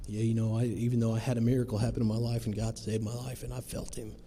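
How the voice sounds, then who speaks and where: A man's voice: mid-range voice, level tone, quick pace, dark tone. A man in his thirties giving a plain-spoken, earnest personal testimony to a recovery group, telling his story in folksy phrasing. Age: 30s. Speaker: testimony speaker. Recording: long hall reverb, faint noise.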